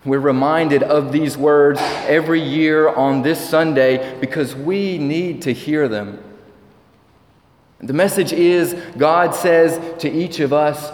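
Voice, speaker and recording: A man preaching a sermon as pastor, measured and slowing down when he quotes scripture. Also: fairly high pitch, a little hiss or hum. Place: church sanctuary. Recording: echoey church hall.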